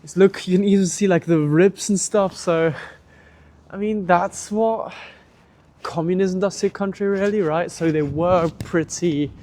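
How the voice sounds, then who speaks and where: Walking outdoors at a large war memorial park, a young male travel vlogger gives casual commentary full of restarts and fillers. He sounds high, steady, a little mellow and unhurried, with a little hiss or hum in the recording.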